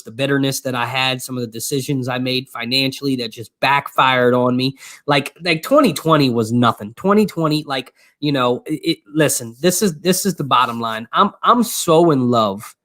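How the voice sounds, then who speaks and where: A man co-hosting a motivational faith talk, speaking with energetic, preacherly fervor and a habit of repeating his phrases. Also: medium pitch, no room sound, studio quality. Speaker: co-host.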